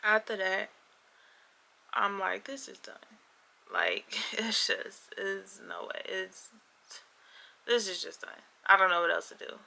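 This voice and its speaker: Gravelly young woman telling a storytime. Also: medium pitch, animated, takes it slowly, pauses often, pushed and bright. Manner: emphatic storyteller who acts out both sides of an argument. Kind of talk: storytime vlog.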